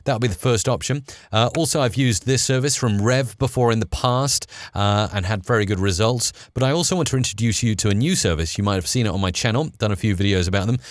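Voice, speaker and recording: A man's voice: on the low side, fast talker, few pauses, dry recording, clean studio sound. A British man hosting a chatty live screen-share tutorial, upbeat and full of fillers. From United Kingdom. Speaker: host.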